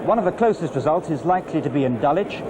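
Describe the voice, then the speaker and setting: A man's voice: a little high, animated, fast, background noise. A male reporter giving a live report from a school hall at an election count, informative, with frequent fillers. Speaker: field reporter. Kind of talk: live outside broadcast report.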